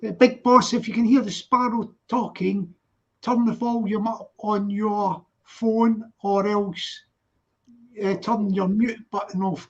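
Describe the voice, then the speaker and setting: A man in his sixties from Scotland with a Glaswegian accent, hosting a casual online chat and rambling as he repeats himself. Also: sits high. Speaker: host. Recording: muffled lo-fi online call audio.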